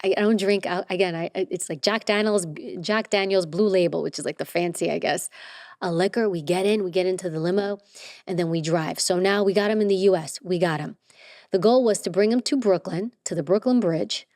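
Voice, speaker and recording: A woman's voice: fairly low pitch, fairly quick, no echo, studio quality. A middle-aged woman, an interview guest, telling a story casually and acting out quoted dialogue. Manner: animated, acts out quoted dialogue.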